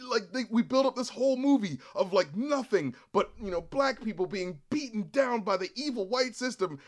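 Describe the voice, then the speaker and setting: A man hosting a casual spoiler review chat, animated and profane, acting out characters in quick quotes. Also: sits high. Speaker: movie review show host.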